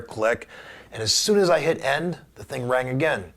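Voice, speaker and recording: A man being interviewed, telling a story in a casual, animated way and acting out the voices of the people in it. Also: mid-range voice, fairly quick, gravelly. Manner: animated anecdote teller who acts out quoted voices. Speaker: guest wrestler.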